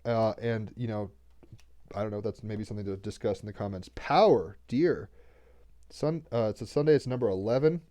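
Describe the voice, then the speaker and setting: A man's voice: on the low side, normal speed, mellow. A man giving a casual spiritual card reading on a livestream, talking loosely and rambling with slang and restarts. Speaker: tarot card reader and podcast host.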